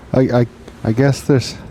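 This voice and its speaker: A man's voice: mid-range voice, dark tone, a little hiss or hum. A man playing a tabletop game, asking questions and stammering a bit as he thinks aloud. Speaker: player. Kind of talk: casual tabletop role-play.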